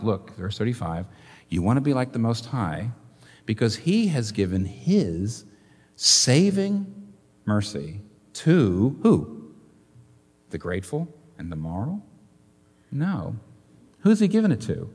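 A man preaching a sermon as a pastor, animated, firing rhetorical questions at his listeners. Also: mid-range voice, measured pace, pauses often, breathy edge, in a large hall.

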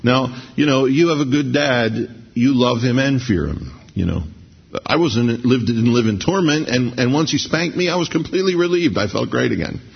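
A middle-aged man preaches in a loose, conversational way, drawing slowly on scripture. His voice is gravelly and a little husky. The recording sounds muffled and lo-fi. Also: medium pitch, lively intonation. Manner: conversational, anecdotal, slows down for scripture reading. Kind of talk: sermon. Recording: dull lo-fi sermon recording.

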